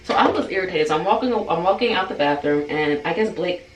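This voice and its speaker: A woman's voice: on the low side, lively intonation, brisk. A woman telling a casual storytime for her channel in a chatty way, full of "like" and acted-out dialogue. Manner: chatty, heavy use of "like", acts out quoted dialogue. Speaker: beauty vlogger. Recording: roomy sound, distant mic, faint noise.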